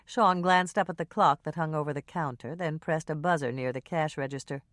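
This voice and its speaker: A woman narrating an audiobook in a calm, even reading style. Her voice sits low and is recorded close on a dry studio mic. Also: brisk, no room sound. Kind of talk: scripted narration.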